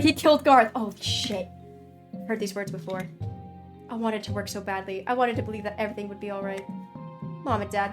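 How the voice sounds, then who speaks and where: A woman streamer reading a story game aloud, a dramatic reading broken by loud, sweary reactions. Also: medium pitch.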